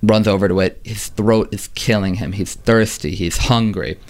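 Deep-voiced man telling a story. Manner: relaxed, dramatic pauses, frequent fillers. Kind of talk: casual storytelling to a friend.

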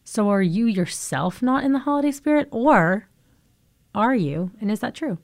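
A woman's voice: fairly high pitch, expressive, normal speed, a little mellow, no echo, clean studio sound. A young woman co-hosting a casual chat podcast, talking in a loose, chatty way with lots of "like" and laughs. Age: young adult. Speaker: podcast co-host.

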